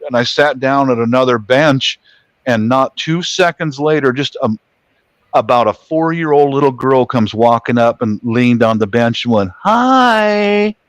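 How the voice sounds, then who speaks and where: A man in relaxed chat with a plain, mid-range voice, telling a personal story and acting out the shouting parts. The sound is close and dry, with no room around it. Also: medium pitch, normal speed, dry recording. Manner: storytelling, animated retelling. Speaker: panelist. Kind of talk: casual chat.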